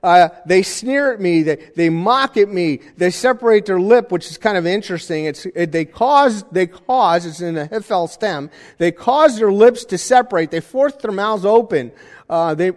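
A man preaching a sermon in a conversational style, with jokey asides and animated emphasis. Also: high voice, moderate pace, in a large hall. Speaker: pastor.

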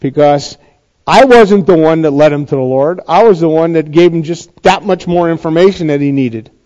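Middle-aged pastor guy preaching, higher mellow voice, kinda dull lo-fi recording. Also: moderate pace. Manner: conversational, asks the congregation questions. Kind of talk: sermon.

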